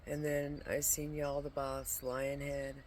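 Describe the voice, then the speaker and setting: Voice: medium pitch, monotone, takes it slowly, a little mellow. A tired vlogger who talks about spiritual visions in a rambling way, swearing often and sometimes dropping into a whisper. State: exhausted from lack of sleep. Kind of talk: casual spiritual monologue. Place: at home with a pet dog nearby. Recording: noisy home recording.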